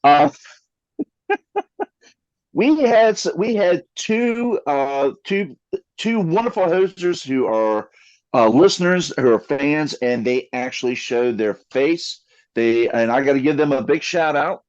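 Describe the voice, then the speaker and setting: A man co-hosting a casual podcast, animated and joking, with lots of fillers. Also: fairly high pitch, slow. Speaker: podcast co-host. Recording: slightly dull lo-fi mic.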